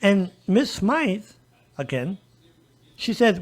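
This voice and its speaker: A man with a high voice speaks as a disability rights advocate in a relaxed podcast conversation. He tells his story with animation and acts out the dialogue of the people he quotes. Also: brisk, pauses often. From El Paso, Texas.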